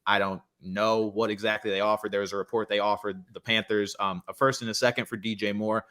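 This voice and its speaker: A man's voice: on the low side, little pitch movement, fairly bright tone. Young male co-host, casual sports chatter, wry humor. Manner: chatty, quick asides, self-deprecating humor. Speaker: podcast co-host. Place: friend's home.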